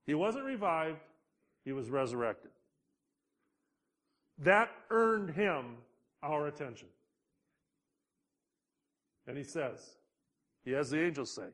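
Slow, emphatic preaching man. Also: mid-range voice, lively intonation, fairly bright tone. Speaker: pastor. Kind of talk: sermon.

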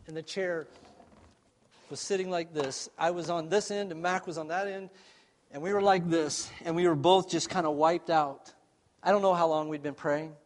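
Earnest pastor with a slightly high voice. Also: male voice, steady tone, moderate pace. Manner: earnest, swings between loud and hushed. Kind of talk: sermon storytelling.

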